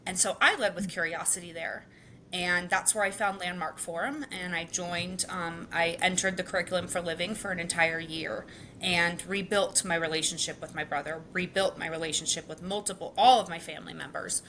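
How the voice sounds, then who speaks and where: Bright, crisp-toned woman; candid, laughing podcast guest; faint background noise. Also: lowish voice, moderate pace. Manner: candid and expressive, laughs often. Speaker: guest, keynote speaker and author. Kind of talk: podcast interview.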